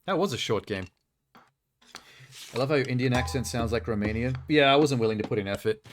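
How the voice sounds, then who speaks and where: A man's voice: medium pitch, a little fast, slight background noise. Blunt, joking male streamer. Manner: blunt, profane, joking asides. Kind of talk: casual live-stream gameplay commentary. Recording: game music playing behind.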